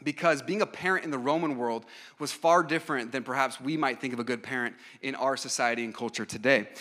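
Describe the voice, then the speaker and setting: A man's voice: mid-range voice, sharp tone. A man in his thirties preaching a sermon in an earnest, emphatic way, with frequent fillers and restarts. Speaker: pastor.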